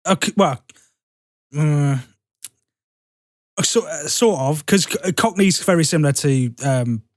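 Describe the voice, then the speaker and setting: A man's voice: a little high, expressive, measured pace, no room sound, studio quality. A man on a gaming podcast, laughing easily and a bit self-conscious when he's put on the spot. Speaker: podcast panelist. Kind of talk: casual gaming podcast chat.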